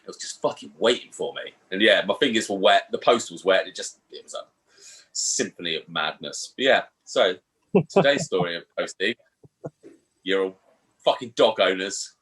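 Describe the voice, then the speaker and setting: A man co-hosting a podcast, telling stories in a sweary, animated way. His pitch swings widely as he talks, and his voice is bright. It is loose, unscripted chat between friends. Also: moderate pace. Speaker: podcast co-host. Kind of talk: casual chat.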